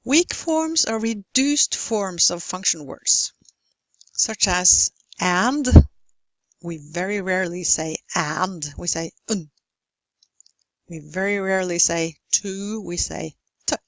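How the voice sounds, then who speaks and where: Slow, careful woman teaching pronunciation. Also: on the low side, dry recording, low-quality recording. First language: Norwegian. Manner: slow, careful, deliberate delivery with exaggerated model words. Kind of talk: recorded pronunciation lesson.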